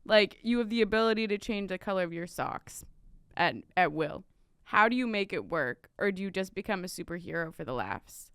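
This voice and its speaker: A young woman from Boston co-hosting a casual comedy podcast, tossing off dark jokes in a dry, offhand way between giggles. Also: medium pitch, lively intonation, fairly quick, smooth, no echo. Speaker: podcast co-host.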